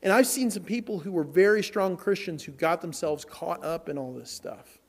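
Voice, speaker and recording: A man preaching a sermon in a church as the pastor, animated, acting out quotes and repeating words as he goes. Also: a little high, moderate pace, gravelly.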